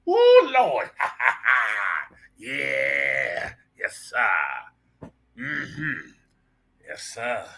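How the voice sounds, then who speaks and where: A man's voice: mid-range voice, huge pitch swings, drawn-out words, long pauses, pushed and bright, exaggerated voice. A man voicing a mocking caricature of an old male chauffeur, with an exaggerated drawl and cackling laughs.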